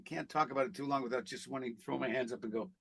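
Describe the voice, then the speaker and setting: A man who is an actor, telling stories in a casual interview, animated and blunt, with some profanity. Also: mid-range voice, rapid-fire, vocal fry, husky. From Canada. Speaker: actor guest.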